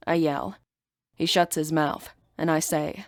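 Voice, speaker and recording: A woman narrating a first-person fantasy audiobook in a brisk, sarcastic, emphatic way. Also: low-pitched, fairly even intonation, dry recording, studio quality.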